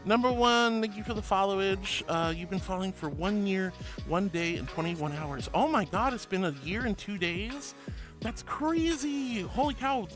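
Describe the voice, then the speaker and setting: A high-pitched man from Florida streams as a VTuber, chatting casually at a moderate pace and reading viewer messages aloud. He's gushing and affectionate, calling viewers sweetie. Music plays behind his voice.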